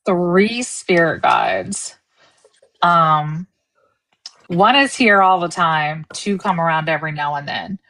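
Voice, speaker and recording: Low-voiced reflective woman co-host. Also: slow pace, a bit bright. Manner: reflective, thoughtful. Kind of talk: casual livestream chat.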